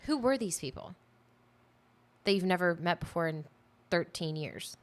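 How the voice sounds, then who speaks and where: A woman's voice: fairly low pitch, lively intonation, normal speed. A woman co-hosting a podcast, talking emphatically in casual chat and stacking up lists of phrases. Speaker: podcast co-host.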